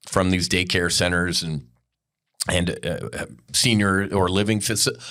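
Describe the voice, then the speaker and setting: A man's voice: low-pitched, normal speed, fairly bright tone. A man hosting a podcast, delivering an angry, profane and blunt unscripted monologue. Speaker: podcast host.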